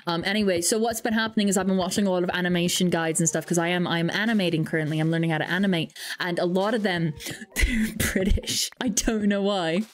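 Her pitch is fairly low and her intonation fairly even, and she talks in rapid-fire bursts with few pauses. This young woman is streaming a game, rambling casually through stories, laughing at herself and leaning on fillers.

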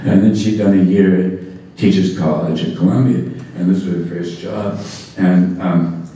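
Man, low voice, slow and mellow, wry storyteller, echoey hall, distant mic, faint noise. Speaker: education speaker. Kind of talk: storytelling talk to an audience.

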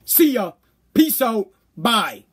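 High-voiced profane ranting podcast man. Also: sing-song, slow pace, fairly bright tone, slightly rough. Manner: profane, blunt, worked-up rants. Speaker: podcast host. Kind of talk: casual ranting podcast monologue.

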